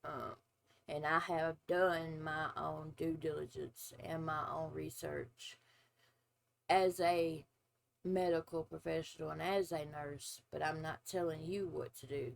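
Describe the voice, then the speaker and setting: A woman's voice: low voice, steady tone, vocal fry, rough recording. A woman in her forties, a former nurse, hosting a casual reaction video and giving her opinions bluntly. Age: 40s. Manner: blunt, opinionated, drawn-out asides.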